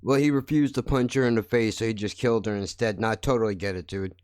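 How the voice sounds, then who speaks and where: A man's voice: lowish voice, fairly even intonation, fast talker, darkish tone, clear, resonant tone, no echo, clean studio sound. A man hosting a podcast, ranting in a blunt, heated, constantly swearing monologue. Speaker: podcast host. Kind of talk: angry profane monologue.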